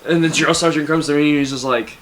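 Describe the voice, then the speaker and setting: A young man casually telling animated stories about basic training, often breaking into laughter. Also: fairly high pitch, quick pace. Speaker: guest. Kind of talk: casual storytelling.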